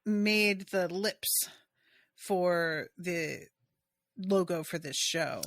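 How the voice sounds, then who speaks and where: A woman's voice: on the low side, extremely slow, fairly bright tone, dry recording, clean studio sound. A woman co-hosting a podcast, chatting casually and frankly and swearing now and then. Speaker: podcast co-host. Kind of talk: casual chat.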